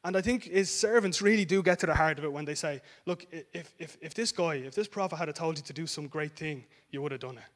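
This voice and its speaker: A man's voice: on the high side, quick pace, hardly any pauses. A man preaching a sermon in a conversational way, often checking in with "yeah?" and restarting his sentences. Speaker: pastor.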